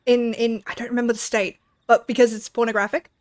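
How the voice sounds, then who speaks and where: A woman in casual chat with an excitable, quick, teasing way of joking. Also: on the high side.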